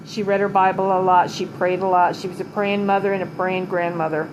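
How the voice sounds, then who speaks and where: A middle-aged woman giving a tribute to her late mother at home, halting and holding back tears, with many pauses and restarts. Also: mid-range voice, little pitch movement, noisy background. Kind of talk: emotional personal vlog.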